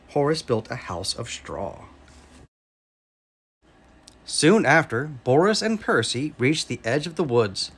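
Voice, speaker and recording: A man with an American accent reading a children's story aloud in a slow, expressive way. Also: mid-range voice, slightly rough.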